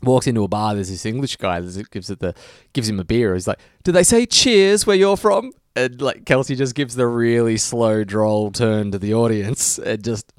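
A man co-hosting a podcast, chatting casually and animatedly, often laughing and rising in pitch when excited. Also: normal speed, few pauses, no echo, clean studio sound. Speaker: podcast co-host. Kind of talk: casual chat.

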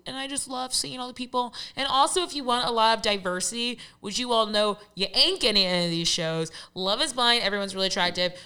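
A young woman co-hosting a casual chat podcast, animated and swearing freely as she acts out quotes. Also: mid-range voice, clean tone. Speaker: podcast co-host. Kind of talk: casual chat about reality TV.

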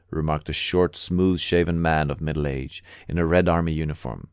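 Deep-voiced man reading an audiobook. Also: steady tone, normal speed, hardly any pauses, smooth, dry recording, studio quality. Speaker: audiobook narrator. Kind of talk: scripted narration.

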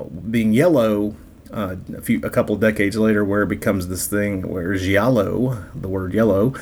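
A man hosting a podcast, talking casually and with enthusiasm, often halting on fillers and restarts. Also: fairly low pitch, darkish tone. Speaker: podcast host.

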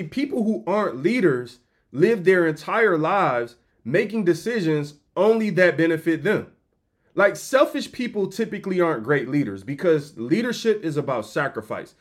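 Animated podcast host, higher voice. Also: male voice. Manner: animated, joking, slangy, acts out voices. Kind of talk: comedic motivational storytelling.

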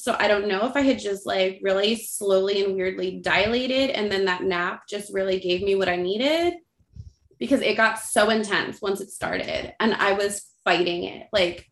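A woman in her thirties casually telling her birth story as a podcast guest, animated and acting out the voices of others. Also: mid-range voice. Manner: animated, acts out quoted voices, frequent likes. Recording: roomy echo.

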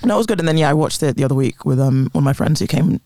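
Laid-back man with a higher voice. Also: lively intonation, rapid-fire, mellow, dry recording, studio quality. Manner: laid-back, lots of fillers like um and yeah. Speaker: podcast co-host. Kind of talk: casual chat.

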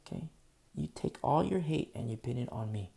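A male preacher with a gravelly, creaky voice delivers an earnest sermon. He shifts between hushed, pleading passages and sudden emphatic bursts. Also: medium pitch, animated, moderate pace.

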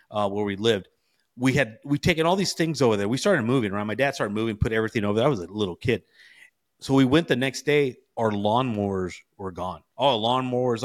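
A man in his forties from California, co-hosting a casual chat. He tells stories in a slangy, animated way, full of "bro" and "you know". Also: mid-range voice. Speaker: podcast co-host.

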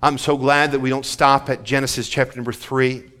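Impassioned preacher. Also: male voice, medium pitch, level tone, a little fast. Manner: swings between hushed, intimate passages and rising, fervent preaching; repeats and restarts words as he builds intensity. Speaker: pastor. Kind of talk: sermon.

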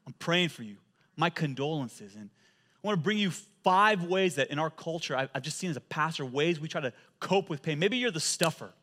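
Lively, slightly high-voiced male pastor. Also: brisk. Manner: animated storytelling with repeated words. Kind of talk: sermon.

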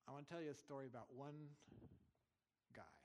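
Middle-aged American man, missionary preacher, earnest conversational testimony delivery, mid-range pitch. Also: fairly quick, darkish tone, slight background noise. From United States. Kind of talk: testimony sermon.

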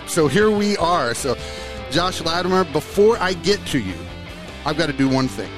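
A man hosting his own podcast in casual, energetic chat, joking and rambling as he talks to a guest. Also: a little high, normal speed, music in the background. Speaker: podcast host.

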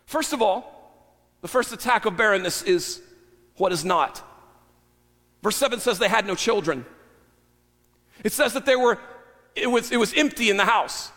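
A male pastor delivers a sermon in a fairly high voice that carries a long reverb through the sanctuary. He preaches with animated emphasis, sometimes dropping into quiet, intimate asides, and slips in wry humor along the way. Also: moderate pace, pauses often. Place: church sanctuary.

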